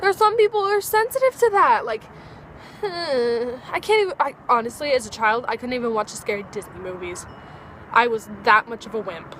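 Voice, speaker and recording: A woman's voice: fairly high pitch, animated, brisk, fairly bright tone, slight background noise. A teenage girl vlogging outdoors at dusk, chatting in a bubbly, rambling way and acting out little dialogues. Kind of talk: casual chat to camera.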